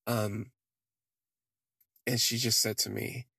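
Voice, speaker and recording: A man's voice: on the low side, little pitch movement, slow pace, creaky, sharp tone, slightly rough, no room sound, studio quality. A man hosting a podcast, telling a candid personal story in a rambling way full of "like" fillers. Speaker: podcast host.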